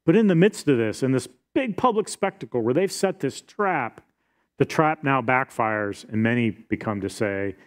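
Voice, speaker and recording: A man's voice: mid-range voice, expressive, moderate pace. A pastor, a middle-aged man, preaching a sermon and reading scripture aloud in an earnest, explanatory way.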